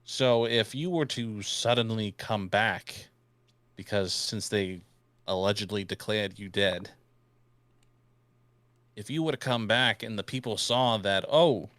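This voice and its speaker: A man's voice: fairly low pitch, a bit bright, dry recording. A man role-playing his character in a tabletop game, joking and crude, talking with a put-on New York accent. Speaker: player.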